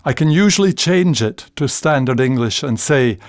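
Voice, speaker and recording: A man's voice: medium pitch, expressive, moderate pace, no echo. An older Scottish man with a Scottish accent, hosting a reflective podcast monologue in a dry, wry storytelling manner that savors dialect words. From Scotland. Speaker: podcast host.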